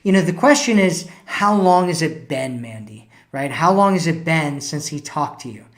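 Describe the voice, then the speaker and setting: A man's voice: fairly high pitch, animated, normal speed. A man hosting a live stream as a dating coach, giving casual advice and reading out viewer comments, often tagging lines with "right?" and "you know".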